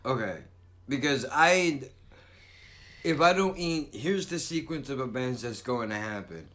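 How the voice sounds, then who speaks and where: A man's voice: medium pitch, animated, unhurried, a bit bright. A man hosting a podcast in casual chat, blunt and profane, joking as he talks. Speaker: podcast host.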